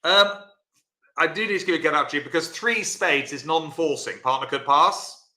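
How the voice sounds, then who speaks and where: A man's voice: a little high, moderate pace, bright, forceful tone, echoey room. A man teaching a live-streamed bridge lesson, chatty and encouraging, answering viewers by name.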